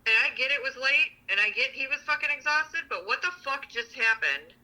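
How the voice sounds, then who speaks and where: A woman's voice: high voice, animated, fairly quick, sharp tone, low-quality recording. A woman co-hosting a relationship podcast, venting bluntly about a partner in casual, profane chat. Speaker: podcast co-host.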